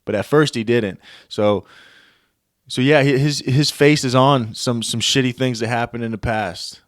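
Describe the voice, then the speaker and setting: A man's voice: mid-range voice, fairly even intonation, dry recording. Profane rambling young man, dry close sound. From United States. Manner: profane, rambling, looks things up on air and reads aloud haltingly. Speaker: podcast host. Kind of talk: casual solo podcast rant.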